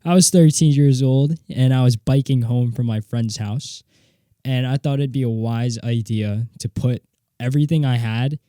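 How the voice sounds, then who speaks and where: A young man hosting a solo podcast, telling a story in a rambling, animated way, swearing casually, from a home studio. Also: medium pitch, normal speed, dry recording. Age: young adult. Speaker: podcast host. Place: home studio with guitar and mixing board.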